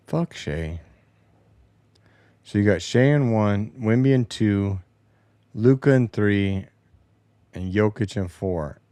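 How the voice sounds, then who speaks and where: A man's voice: lowish voice, lively intonation, slow pace, long pauses, dark tone, clean tone, no echo. A man hosting a casual sports talk show from a home basement, rambling and opinionated, with some swearing. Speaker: host. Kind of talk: casual solo sports commentary.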